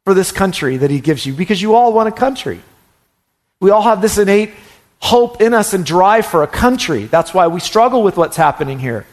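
A man preaching a sermon from the pulpit in a fairly high voice. He delivers it with fervor, hammering his key phrases again and again, and his words sometimes tumble into quick stammers as he presses on. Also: animated. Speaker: pastor.

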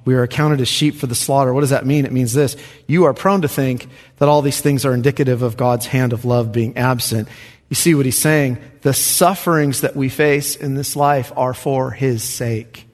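A male pastor preaching a sermon, emphatic, his voice surging loud and then dropping to a hush. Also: mid-range voice, steady tone, normal speed. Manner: emphatic, swinging from loud rises to hushed drops. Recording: reverberant hall.

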